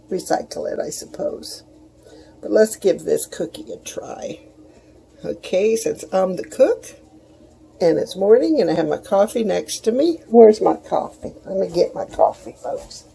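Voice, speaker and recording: Gravelly, chatty middle-aged woman. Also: medium pitch, warm tone. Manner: chatty, rambling, homey asides to viewers. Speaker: home cooking vlogger. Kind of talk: casual kitchen chat.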